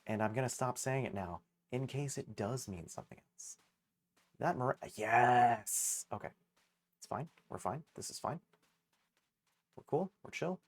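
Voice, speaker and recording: A man's voice: medium pitch, animated, unhurried, pauses often. A man streaming a game live, chatting casually in a rambling, self-mocking way and swearing freely. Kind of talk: casual gaming livestream chatter.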